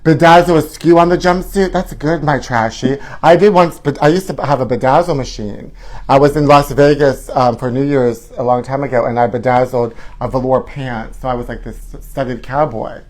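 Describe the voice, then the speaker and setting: A flamboyant male host dishes on celebrities in a campy, theatrical style, calling everyone honey. His voice sits at a middling pitch for a man. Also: steady tone, moderate pace. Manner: flamboyant, theatrical, calls viewers honey and trashies. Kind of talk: campy celebrity gossip chat.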